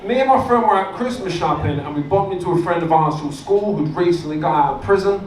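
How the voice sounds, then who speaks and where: High-voiced stand-up comic. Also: male voice, fast talker, crowd noise. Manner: deadpan storytelling with punchlines. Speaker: stand-up comedian. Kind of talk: stand-up comedy set. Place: comedy club stage with live audience. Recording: echoey club, distant mic, room noise.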